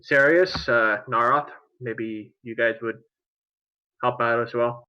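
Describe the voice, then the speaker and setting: A man playing a character in a tabletop game, hesitant and slow. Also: medium pitch, fairly even intonation, highs cut off. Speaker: player. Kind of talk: tabletop role-play.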